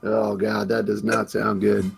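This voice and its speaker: A man playing in a live tabletop game, joking and teasing with a gravelly voice. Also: on the low side, completely flat delivery, measured pace. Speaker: player.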